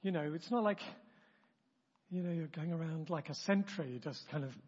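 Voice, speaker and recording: A man with a husky voice leading a church training session in a chatty, self-interrupting way, acting out example remarks. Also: fairly high pitch, moderate pace, a little mellow. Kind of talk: informal teaching talk. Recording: dull, long-reverb room recording.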